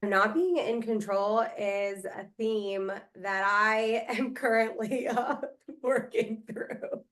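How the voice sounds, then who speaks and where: A woman's voice: on the high side, slow pace, fairly bright tone. A woman hosting a podcast interview who chats casually and gushes with praise for her guest. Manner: effusive, full of praise. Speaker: podcast host.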